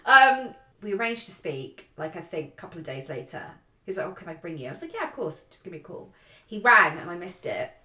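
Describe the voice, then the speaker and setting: A woman on a casual podcast, telling a dating story in a lively, swearing, animated way and acting out what she said. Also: fairly low pitch, quick pace. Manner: swearing, animated storyteller, acts out her own quotes. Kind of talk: casual chat. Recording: echoey room.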